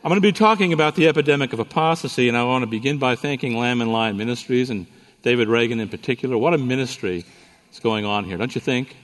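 Animated male conference speaker in a reverberant hall. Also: medium pitch, quick pace, faint music behind. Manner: animated storyteller, playful asides to audience. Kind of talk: conference sermon with humor.

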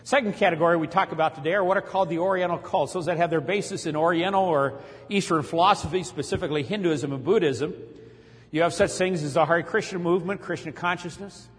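His voice on the high side and his pace quick, a man dramatically retells a story in a sermon, growing louder as he preaches. The recording carries long hall reverb.

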